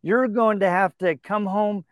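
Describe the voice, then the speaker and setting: A man's voice: sits high, steady tone, unhurried, no room sound, clean studio sound. A middle-aged man hosting a relationship advice talk, telling stories earnestly and acting out the dialogue. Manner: earnest storytelling, acts out quoted dialogue. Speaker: podcast host.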